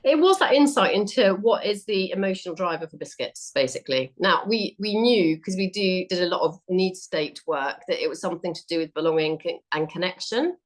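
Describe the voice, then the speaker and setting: A woman talking through her research as a guest, chatty and full of ums and quick self-corrections. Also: lowish voice, expressive. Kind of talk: conversational interview.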